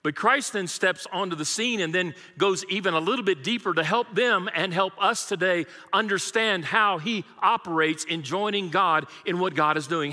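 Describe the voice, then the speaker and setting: A high-voiced male pastor preaches with bright, forceful emphasis, repeating phrases and calling on his congregation to answer back. His voice rings through a church sanctuary with a long, echoey reverb. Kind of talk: sermon.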